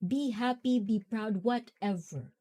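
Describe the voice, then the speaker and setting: A young woman hosts a casual talk, speaking in an easygoing, rambling way and laughing often. Her voice is on the high side, soft and mellow in tone, and she takes her time without ever rushing.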